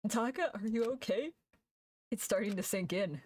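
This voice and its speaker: A woman streamer reading game dialogue aloud and reacting with loud, swearing outbursts and laughter. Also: mid-range voice, expressive, moderate pace, slightly rough.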